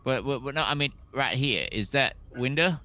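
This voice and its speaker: A man's voice: mid-range voice, lively intonation, normal speed, pushed and bright. A man playing a tabletop game, stammering and mumbling through his turn with lots of fillers. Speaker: player. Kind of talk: casual tabletop game play.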